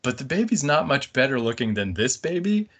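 A man's voice: medium pitch, big pitch swings, fairly quick, fairly bright tone, husky. A man talking casually about a film on a podcast, rambling and laughing often. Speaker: podcast guest.

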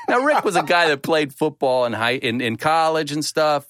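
A man's voice: on the high side, big pitch swings, normal speed, hardly any pauses, a bit bright, no room sound, clean studio sound. A man in his fifties, co-hosting a show and telling a long rambling story in a casual, self-deprecating way, with many restarts. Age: 50s.

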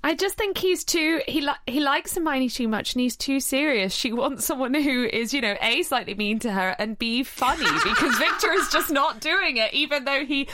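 Woman in a podcast chat, teasing banter, voice a touch higher than most. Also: lively intonation, moderate pace, hardly any pauses, bright, forceful tone.

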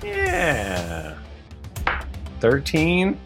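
A man runs the table as dungeon master, his voice gravelly and swinging widely in pitch. He delivers rolls and ribbing in a dry, teasing tone. Music plays behind him. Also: huge pitch swings, very slow. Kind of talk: running a tabletop game, casual.

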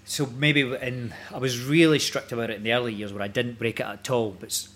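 A man's voice: mid-range voice, fairly even intonation, brisk, fairly bright tone. A Scottish man in his forties, a guest actor talking casually, rambling with many restarts and hesitations. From Scotland. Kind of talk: casual chat.

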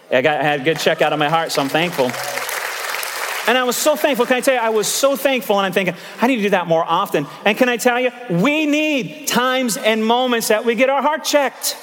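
A man in his fifties, a pastor, preaching a sermon in a church sanctuary in an animated, conversational way, telling stories and making asides to the congregation. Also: high-pitched, big-room sound. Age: 50s.

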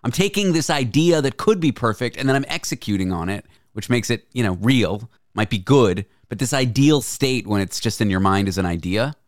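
A man hosting a casual talk show, with a slightly raspy morning voice, talking candidly and swearing freely. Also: medium pitch, expressive, brisk, few pauses, dry recording, studio quality. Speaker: host. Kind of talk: casual podcast chat. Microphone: studio mic with headphones.

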